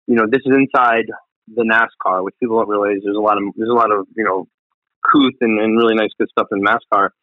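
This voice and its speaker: A low-pitched man chats as a guest chef, rambling through his stories with lots of fillers and restarts. His voice comes over a thin, phone-like line that sounds dry and close. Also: no echo. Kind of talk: casual interview chat.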